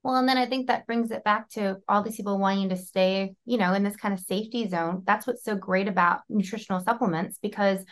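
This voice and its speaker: A woman interviewer in a conversational interview, telling a personal story in an animated way. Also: mid-range voice, fairly quick, hardly any pauses.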